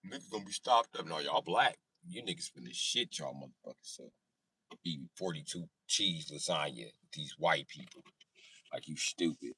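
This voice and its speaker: Livestream host, low bright voice, comedic rant, heavy swearing. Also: male voice, breathy edge, dry recording, distant mic. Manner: animated storytelling, heavy swearing, slow emphatic drawl.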